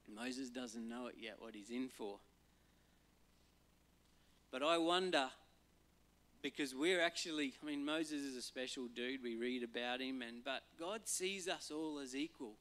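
A man, a pastor giving a relaxed, conversational sermon and acting out voices now and then. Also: on the high side. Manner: conversational, acts out voices and quotes for humor.

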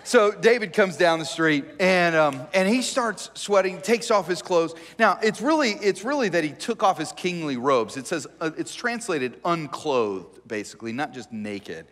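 A pastor preaching to his church, a man with a fairly high voice who tells the story with jokes and lots of animation. His voice rings out in a big sanctuary with a long reverb tail. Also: animated, normal speed, hardly any pauses, a bit bright. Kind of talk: conversational sermon.

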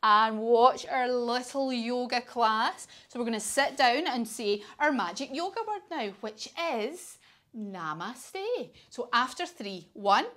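A woman's voice: a little high, unhurried, few pauses, fairly bright tone. A woman with a British accent leading a children's yoga class, telling a story in an encouraging, sing-song way. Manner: encouraging, sing-song, coaxing kids along.

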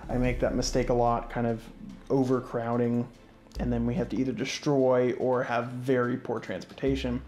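A gaming channel host runs a laid-back let's-play, narrating his moves in a loose, wandering style full of fillers and false starts. He sounds drowsy and yawns as he goes, his voice sitting in the mid range. Game music plays faintly in the background.

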